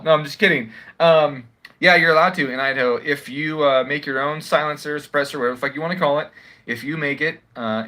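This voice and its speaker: A man's voice: a little high, pushed and bright. A man ranting casually on a livestream at home, swearing often and sounding sarcastic as he rambles. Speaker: live streamer.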